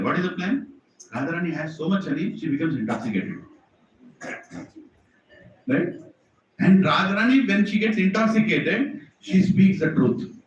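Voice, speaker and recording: A man preaches a devotional story, animated and questioning his listeners, his pitch swinging widely and sitting a bit high. The sound is distant and dull, ringing through a big echoey temple hall with faint ambience. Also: a little hiss or hum. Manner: animated, asks the audience questions.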